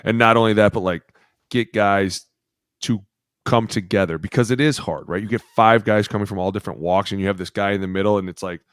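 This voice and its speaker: A man's voice: fairly low pitch, fairly even intonation, brisk, clear, resonant tone, no echo, clean studio sound. A man co-hosting a podcast, a brash and profane storyteller who acts out the things people said. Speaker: podcast co-host, former offensive lineman. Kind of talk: casual podcast chat, storytelling.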